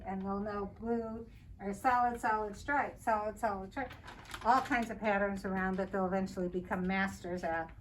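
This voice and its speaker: An older woman, a kindergarten teacher, giving a friendly step-by-step talk to parents and counting aloud as she explains. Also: a little high. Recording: distant mic with faint noise.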